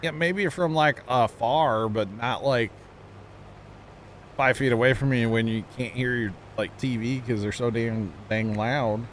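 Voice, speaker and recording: A man's voice: mid-range voice, a little slow, slight background noise. A man chatting casually with his viewers while streaming a game, talkative and self-teasing, laughing often.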